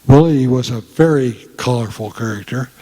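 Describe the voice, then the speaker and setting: Older male speaker, unhurried anecdotes in a reverberant hall. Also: mid-range voice, warm tone. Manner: folksy storytelling, frequent "uh" pauses. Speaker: guest speaker. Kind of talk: casual talk to an audience. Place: meeting room.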